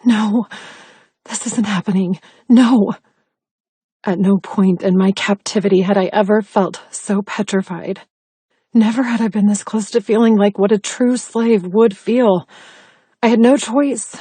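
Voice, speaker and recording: A woman reads an audiobook aloud in the first person, close and intimate. Her voice is mellow and a little husky. The recording is dry with no room sound. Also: medium pitch, fairly even intonation, unhurried, dry recording. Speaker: audiobook narrator.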